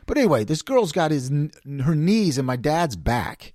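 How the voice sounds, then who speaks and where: Animated New York man telling stories. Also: fairly high pitch, a little fast, hardly any pauses, no room sound, clean studio sound. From New York City area. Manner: animated, acts out quoted voices, laughs often. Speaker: podcast host. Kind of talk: casual storytelling monologue.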